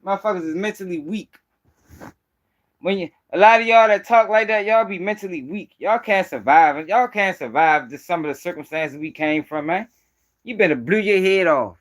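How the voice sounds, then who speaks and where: Host, male, high-pitched voice, confrontational and profane. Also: normal speed, fairly bright tone. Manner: confrontational, profane, slangy, repeats himself. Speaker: host of a news commentary channel. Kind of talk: heated live-stream commentary.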